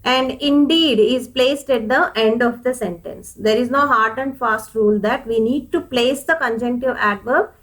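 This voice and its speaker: A woman with a slightly high voice walks through an English grammar lesson. She explains patiently, repeats each point and calls her viewers dears. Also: normal speed, few pauses, fairly bright tone, low-quality recording.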